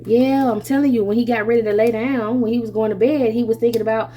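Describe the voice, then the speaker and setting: A woman's voice: on the high side, quick pace, hardly any pauses, slight background noise. Chatty woman giving a tarot reading. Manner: animated, chatty, laughs often, calls listener baby and honey; swears freely. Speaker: tarot reader.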